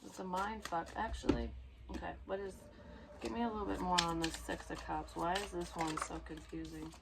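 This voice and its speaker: A woman's voice: lowish voice, fairly even intonation, brisk, gravelly, heavy background noise. A woman giving a casual tarot reading, rambling and blunt, swearing freely as she goes. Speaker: psychic tarot reader.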